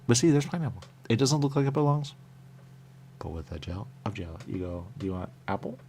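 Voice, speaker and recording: A man's voice: lowish voice, fairly even intonation, a little fast, dark tone, slight background noise. A man hosting a radio show, rambling playfully in casual chat while tasting pastries. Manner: rambling, playful, jumps between thoughts.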